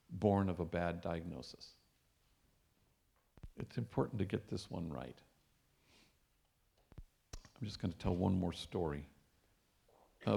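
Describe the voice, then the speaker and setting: Priest, 50s, slightly gravelly voice, easygoing storyteller at a lecture. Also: male voice, lowish voice. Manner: warm anecdotal storytelling with Spanish phrases. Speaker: priest and speaker. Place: lecture hall.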